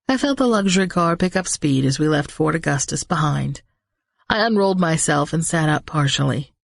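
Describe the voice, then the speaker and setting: A woman reading a first-person audiobook in a steady storytelling manner. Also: normal speed, vocal fry, no echo, clean studio sound. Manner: steady storytelling, voices characters with small pitch shifts. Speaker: audiobook narrator.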